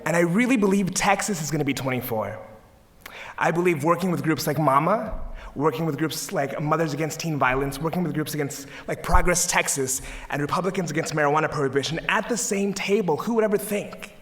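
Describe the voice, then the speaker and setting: A young man rallies the audience from a podium in a lecture hall, delivering an enthusiastic, humorous speech on an advocacy group's panel. His voice is a little high and a bit bright, and he talks fairly quickly.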